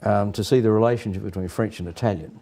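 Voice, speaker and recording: Hesitant low-voiced man with a mellow tone. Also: fast, vocal fry. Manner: hesitant, repeats words, says mm often. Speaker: guest. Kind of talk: casual studio interview.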